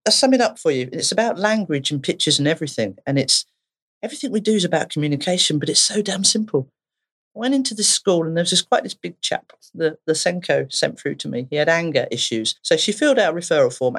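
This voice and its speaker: A woman therapist with an Essex accent, telling stories animatedly in a podcast conversation and laughing often. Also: low-pitched. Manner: animated storyteller, laughs often, acts out voices. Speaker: therapist guest.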